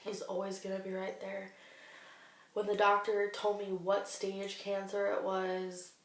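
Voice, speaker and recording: A woman in her twenties, talking earnestly and warmly about her faith in a personal video diary. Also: mid-range voice, monotone, measured pace. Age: 20s. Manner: earnest, heartfelt, faith-filled. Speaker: vlogger sharing a cancer diary. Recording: echoey room, distant mic.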